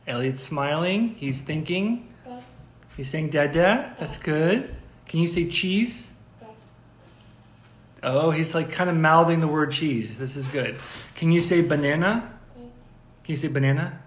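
A young father hosting a casual podcast, gently and patiently coaxing his toddler to say words. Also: fairly high pitch, animated, slow pace, long pauses, echoey room. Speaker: podcast host.

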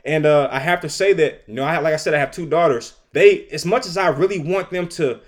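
A middle-aged man hosting a podcast, delivering an animated, opinionated solo commentary and laughing between his points. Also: fairly high pitch, fairly quick. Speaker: podcast host.

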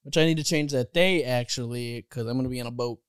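A young man from Chicago co-hosting a comedy podcast, laid-back and quick to laugh. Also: mid-range voice, clean tone, no room sound, studio quality. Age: young adult. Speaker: podcast co-host. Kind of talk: casual comedic banter.

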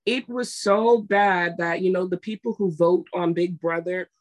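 A woman's voice: lowish voice, steady tone, a little slow. Emphatic woman co-hosting a chat. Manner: emphatic, retells scenes with quoted voices. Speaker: podcast co-host. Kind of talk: casual chat, storytelling.

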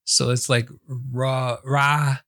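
Easygoing mid-pitched podcast co-host man. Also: flat delivery, fairly bright tone, no room sound, studio quality. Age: middle-aged. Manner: easygoing, curious, quick to laugh. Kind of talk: casual chat.

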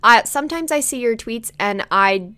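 A woman's voice: on the high side, lively intonation, normal speed, bright, forceful tone. A young woman hosting a podcast, chatting casually and telling stories with self-deprecating asides. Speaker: podcast host. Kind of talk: casual chat.

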